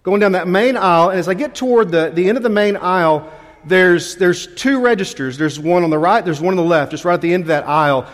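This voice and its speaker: A man with a high, brisk voice preaches as a pastor, telling a chatty, self-deprecating story full of restarts before he turns to the sermon. The recording carries the long reverb of a large hall.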